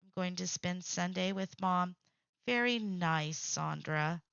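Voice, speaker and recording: A woman's voice: lowish voice, slow pace, vocal fry, fairly bright tone, clean tone, no room sound, muffled recording. A middle-aged woman hosting a crafting livestream, chatting casually and reading out viewer comments, often laughing and repeating herself.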